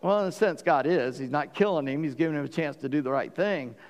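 A pastor preaching to his congregation, his voice sitting high for a man. He tells the story with animation and slips into the voices of the people in it. The sound carries a long reverb from a large hall. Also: fast talker. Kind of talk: sermon.

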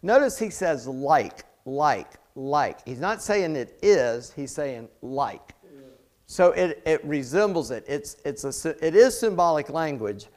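A man's voice: on the high side, sing-song, unhurried, darkish tone. A middle-aged man preaching a sermon in a conversational way, with chatty asides and jokes. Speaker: pastor.

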